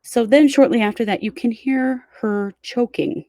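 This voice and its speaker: A woman's voice: fairly high pitch, moderate pace, dark tone, dry recording. A woman hosting a true crime show, casually walking her co-host through a case step by step. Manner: conversational, recounts events step by step.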